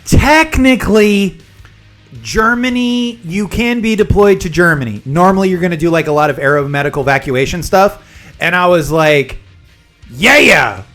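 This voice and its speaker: Guy streamer w a high voice, casual rambly storytelling, bit of music behind. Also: fairly quick, fairly bright tone. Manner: chatty, rambling storyteller who explains jargon.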